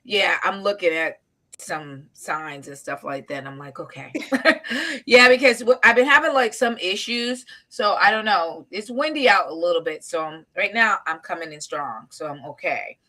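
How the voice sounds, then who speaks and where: A woman's voice: on the low side, expressive, moderate pace, bright, forceful tone. A woman hosting a live talk show over a video call, gushing and laughing as she introduces her guest. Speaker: show host. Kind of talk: casual live interview. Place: outdoors in wind.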